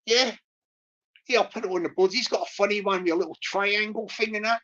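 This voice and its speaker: A woman's voice: medium pitch, brisk, fairly bright tone, dull audio. A woman hosting a casual livestream, rambling with lots of fillers and restarts. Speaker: livestream host.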